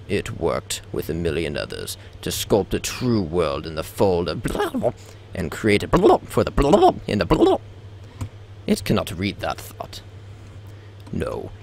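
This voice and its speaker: A man's voice: low-pitched, vocal fry, a little hiss or hum. A young man, host of a game video, giving a theatrical reading over gameplay, stumbling and tossing in joking asides. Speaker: let's play host.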